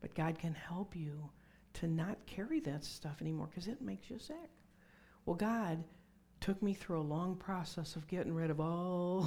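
A woman's voice: sits low, vocal fry, a little mellow, husky. A middle-aged woman preaching a conversational sermon with personal testimony, dropping to whispers for emphasis.

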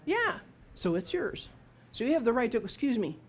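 A woman's voice: fairly high pitch, big pitch swings, normal speed. A middle-aged woman preaching a sermon in a conversational, humorous storytelling way, acting out quotes as she goes.

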